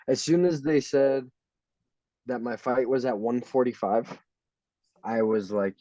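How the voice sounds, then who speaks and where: A man's voice: mid-range voice, slow, long pauses, dark tone, dry recording, highs cut off. A young man in a casual interview, laughing and acting out quotes as he tells stories. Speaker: fighter.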